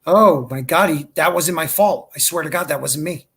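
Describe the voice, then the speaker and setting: A fairly high-voiced man hosting a casual live podcast. He talks loosely and with eager enthusiasm, tossing around dude and brother. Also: normal speed, creaky, fairly bright tone, breathy edge. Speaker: podcast host. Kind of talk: casual live-stream chat.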